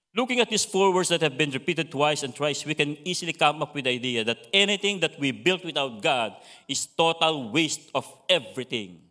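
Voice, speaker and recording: A man's voice: fairly high pitch, sharp tone. Filipino-accented man teaching the Bible. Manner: mixes English and Filipino, frequent tag questions. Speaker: preacher.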